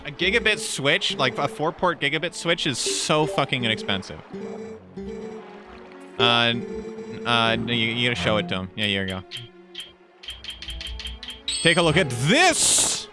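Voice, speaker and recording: Excitable, rambling male streamer. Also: mid-range voice, moderate pace, pauses often. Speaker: streamer co-host. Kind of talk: casual gaming chat. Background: game music.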